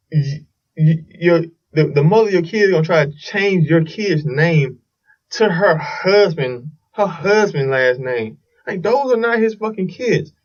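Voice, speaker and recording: Slightly high-voiced man rambling, far off. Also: lo-fi sound. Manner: rambling storytelling with restarts and swearing. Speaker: podcast host. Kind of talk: casual solo podcast monologue.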